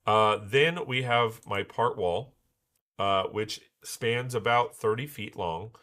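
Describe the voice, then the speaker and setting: A man hosting a casual livestream while he builds, rambling with many fillers and restarts, his voice hoarse as he recovers from losing it. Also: fairly low pitch, slow, pushed and bright. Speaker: livestream host building Lego.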